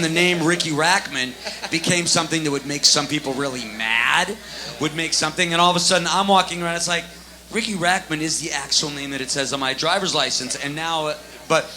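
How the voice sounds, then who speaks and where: Bright-voiced man on a live panel. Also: fairly high pitch. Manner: animated, storytelling with acted quotes. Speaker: panelist, former music TV host. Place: live expo panel stage.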